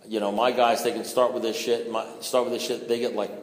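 A man's voice: medium pitch, level tone, a little fast. An older man speaking at a recovery meeting, telling a profane, joking story and acting out both sides of the conversation. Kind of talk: storytelling talk to an audience. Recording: roomy hall with long echo.

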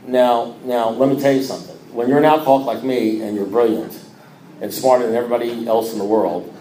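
A man sharing his story as a recovering alcoholic at a recovery meeting, telling it in an animated, repetitive way and acting out the dialogue. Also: medium pitch, a little fast. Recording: roomy echo with faint ambience.

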